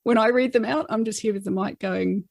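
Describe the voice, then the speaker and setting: An Australian woman talking in a relaxed, chatty way, with a gravelly, fry-tinged voice at an ordinary pitch. She slips into little put-on voices for quoted lines as she tells a story, and the sound is dry and close. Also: brisk, dry recording. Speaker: author guest. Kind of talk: casual interview chat.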